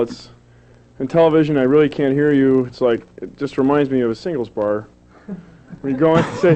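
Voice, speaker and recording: On a television show, a man delivers a goofy, self-mocking stand-up set, leaping into silly put-on voices. He talks briskly in a fairly high, dark-toned voice. The dull, lo-fi old TV recording carries a little hiss or hum.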